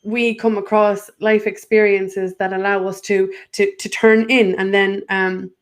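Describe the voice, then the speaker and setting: An earnest woman with a lilt talks through her thoughts as a guest in a spiritual chat. She rambles and restarts often, circling back to her point with a light laugh now and then. Her pitch sits in a middle range for a woman. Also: level tone, measured pace. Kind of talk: spiritual conversation.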